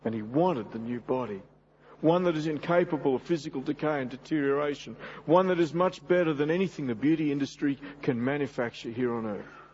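A man's voice: fairly high pitch, brisk, darkish tone, slight background noise. A middle-aged man preaching a sermon, speaking earnestly and directly to his congregation. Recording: dull lo-fi sermon recording.

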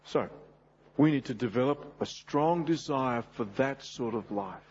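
A man's voice: mid-range voice, measured pace, darkish tone, a little hiss or hum. A middle-aged man preaching a sermon, speaking earnestly and directly to his congregation. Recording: dull lo-fi sermon recording.

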